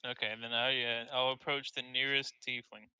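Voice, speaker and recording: A man playing a tabletop game, inquisitive and casual, asking question after question. His voice is very bright and smooth, and sounds dry and close. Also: mid-range voice, flat delivery, fairly quick, dry recording, rough recording. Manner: inquisitive, asks lots of questions. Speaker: player.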